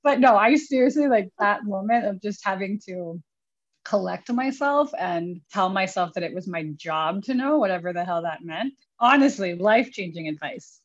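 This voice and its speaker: A woman's voice: mid-range voice, expressive, moderate pace. A young woman, a film producer, chatting as a guest in a casual, self-deprecating way, full of "like", in a dull lo-fi recording. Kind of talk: casual interview storytelling.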